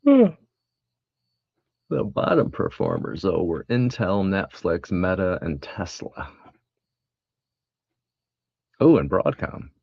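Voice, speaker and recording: A man's voice: deep voice, wildly swooping pitch, slow pace, vocal fry, slightly rough, no echo, highs cut off. A man live-streaming his futures trading, rambling casually and reading headlines aloud with wry asides. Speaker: day trader streaming live.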